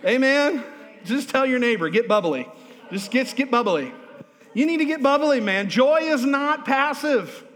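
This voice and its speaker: A male pastor preaching a lively, humorous sermon in a church, drawing responses from the congregation. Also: very high-pitched, normal speed. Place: church sanctuary. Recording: long hall reverb.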